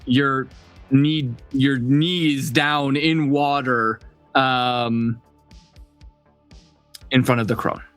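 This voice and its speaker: A man's voice: mid-range voice, fairly even intonation, drawn-out words, long pauses, fairly bright tone, clean tone, soft background music. A man running a tabletop game as game master, describing scenes with many fillers and restarts.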